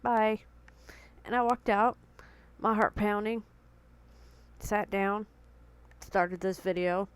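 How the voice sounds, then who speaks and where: Steady and clean in tone, her medium-pitched voice moves slowly, leaving long pauses, though the recording quality is low. A young woman at home, still shaken with a pounding heart, earnestly relives a tense confrontation for her storytelling vlog, emotionally quoting the exchange.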